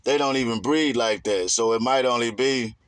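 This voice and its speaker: A man's voice: mid-range voice, moderate pace, fairly bright tone, clear, resonant tone, no room sound. A man giving a rambling, emphatic casual monologue in streetwise slang.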